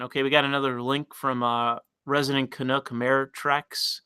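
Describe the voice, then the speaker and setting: A man's voice: medium pitch, level tone, moderate pace, pushed and bright, clear, resonant tone, dry recording. A man hosting a casual livestream, reading chat messages aloud and commenting bluntly, with frequent fillers and restarts.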